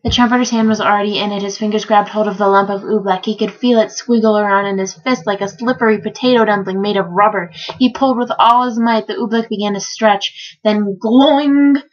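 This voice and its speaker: A woman giving a theatrical, lively reading of a children's book. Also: mid-range voice, quick pace, muffled recording. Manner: lively storytelling. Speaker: reader.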